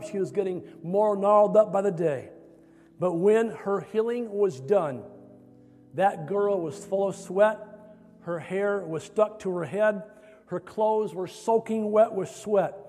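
A male preacher telling a sermon story in a dramatic way, rising to loud emphasis. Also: sits high, big-room sound.

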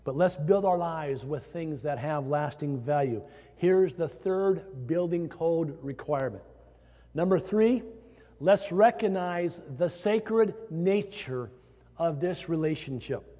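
Slow and mellow, this slightly high male voice belongs to an Iowa pastor delivering a sermon to his congregation. He leans on phrases as his voice climbs, and the church sanctuary adds hall reverb.

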